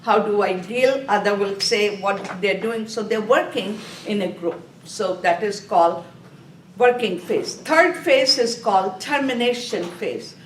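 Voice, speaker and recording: A woman's voice: mid-range voice, measured pace. A woman instructor giving a classroom review lecture, asking questions, answering them herself and telling students to underline key words. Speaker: nursing exam review instructor. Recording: echoey room, voice from a distance, faint noise.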